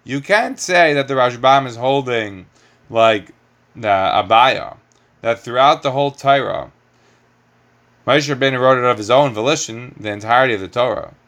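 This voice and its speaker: A man's voice: mid-range voice, moderate pace, fairly bright tone. A middle-aged man teaching a Torah class, lecturing with rhetorical questions and lots of Hebrew terms.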